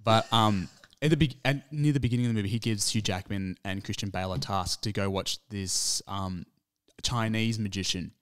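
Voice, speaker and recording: A man's voice: fairly low pitch, moderate pace, fairly bright tone, smooth. A man, co-hosting a podcast and reviewing a film in casual, rambling chat. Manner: rambling, restarts, laughs at himself. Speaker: podcast co-host.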